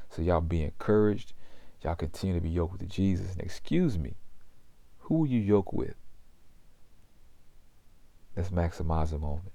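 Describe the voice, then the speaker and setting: A man's voice: dark tone, no echo. A man preaching a sermon, reading scripture aloud and pressing his listeners with repeated questions. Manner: asks the listeners repeated rhetorical questions, rising in pitch; reads scripture verses aloud with references. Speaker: pastor.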